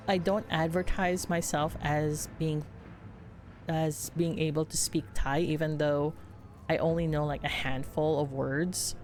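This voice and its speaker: A woman's voice: sits low, a little mellow. A woman from the Philippines chatting casually as a streamer, rambling with restarts and laughs. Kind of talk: casual chat while gaming.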